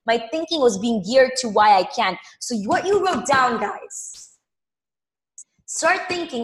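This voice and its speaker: A woman's voice: high-pitched, lively intonation, normal speed, roomy sound. A woman leading a live money coaching session, emphatic, repeating phrases and calling viewers by name. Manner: addresses viewers directly by name.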